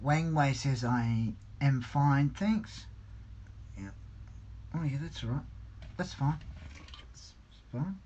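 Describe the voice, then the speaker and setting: A man's voice: medium pitch, a little mellow, highs cut off, a little hiss or hum. A man hosting a casual livestream from a home hobby room, hesitant and full of ums, reading viewer comments aloud as he builds a model. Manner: slow, hesitant, many ums and restarts. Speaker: livestream host.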